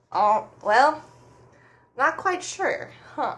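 A woman's voice: on the high side, expressive, unhurried. A woman hosting a casual radio show from her farm, chatting, laughing often and talking to her animals. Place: farm home studio with dogs nearby.

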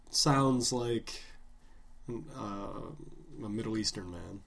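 A man's voice: fairly low pitch, slow, vocal fry. A man co-hosting a podcast in casual chat, making wry, sardonic remarks. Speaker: podcast co-host.

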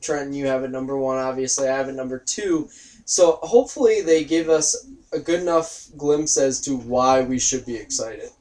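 A young man hosting a casual gaming podcast from a home bedroom, upbeat and quick to laugh. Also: mid-range voice, darkish tone. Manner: upbeat, laughs often, plugs upcoming shows. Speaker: podcast host.

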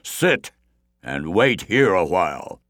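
A man voicing a huge forest giant who speaks slowly and gruffly, booming and growling in a storybook tale. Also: sing-song, fairly bright tone, no room sound, clean studio sound, exaggerated voice.

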